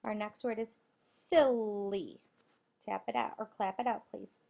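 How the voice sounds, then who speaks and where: A woman teacher giving a recorded spelling lesson to young children, spelling out letters and clapping out syllables deliberately. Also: mid-range voice, steady tone, gravelly, a little mellow.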